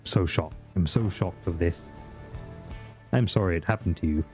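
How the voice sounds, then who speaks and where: Swearing male game streamer, warm low voice. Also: moderate pace, faint music behind. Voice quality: swears a lot, mock-grumpy banter. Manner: greets and chats with viewers while playing. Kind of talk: casual live-stream chat.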